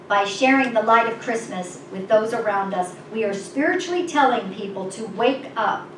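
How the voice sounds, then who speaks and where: A woman giving a sermon, reading Scripture and telling a story in an expressive, emphatic way, recorded from a distance in an echoing room with background noise. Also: medium pitch, a little slow. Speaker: preacher.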